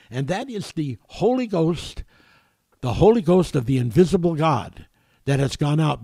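A man preaching a sermon, halting and repeating words, growing forceful when reading scripture. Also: a little high, dry recording.

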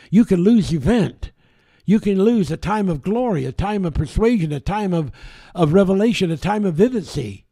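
A man delivers a sermon in a gravelly, mellow voice, reading scripture and then unpacking it. He talks slowly and deliberately, pausing and restarting, his pitch rising and falling widely as he leans into key words. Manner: reads scripture aloud and explains it, halting restarts, dramatic slowing on key words. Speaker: preacher.

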